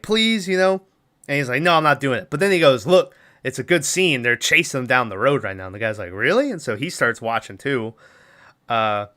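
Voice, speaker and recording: A man's voice: mid-range voice, sharp tone. A man hosting a podcast, casually retelling a movie's plot and acting out the characters' lines with laughs. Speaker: podcast host.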